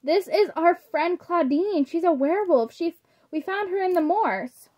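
A woman's voice: very high voice, expressive, unhurried, a little mellow, pitched above the performer's own voice. Draculaura, a sweet pleading vampire girl a woman voices. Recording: slightly muffled lo-fi audio.

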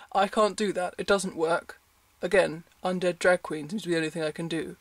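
A man with a slightly high voice chats casually to camera from his bed. He rambles and pokes fun at himself, often breaking into a giggle. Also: fairly even intonation, brisk, dry recording. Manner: rambling, self-deprecating, giggly. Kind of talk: casual vlog chat. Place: bedroom, in bed at night.

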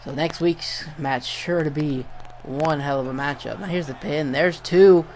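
A young man giving casual play-by-play commentary over a wrestling video game, getting excited and swearing at big moves. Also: on the high side, a little slow, a little hiss or hum. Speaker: gameplay commentator.

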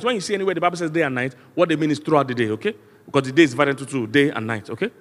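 Nigerian pastor preaching in echoing hall. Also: male voice, a little high, quick pace. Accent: Nigerian English. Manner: emphatic preaching with call-and-response and repeated refrains. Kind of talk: sermon. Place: large church auditorium. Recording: long church hall reverb.

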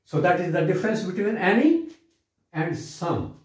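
An older man teaching grammar in a classroom lesson, speaking slowly and emphatically and repeating example sentences. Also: sits high, very animated, a little mellow. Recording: echoey room, far from the mic.

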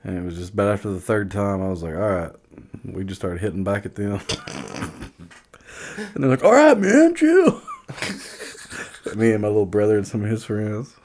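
Male podcast co-host, low voice, joking and boastful. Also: flat delivery, fast talker, darkish tone, slight background noise. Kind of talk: casual chat.

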